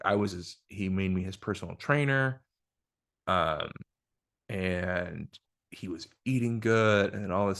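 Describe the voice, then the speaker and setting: A man with a low, gravelly voice talks through a personal story on a podcast. He speaks casually and frankly, with plenty of filler words and swearing. He is recorded on one shared mic in a room with his guest. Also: a bit bright. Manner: frank, profane, filler-heavy retelling. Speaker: podcast host. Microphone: single shared microphone.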